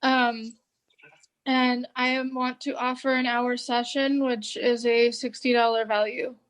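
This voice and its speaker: A woman's voice: a little high, level tone, measured pace, rough recording. A woman donating an item, speaking hesitantly with many fillers. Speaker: donor. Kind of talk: casual remarks on a call.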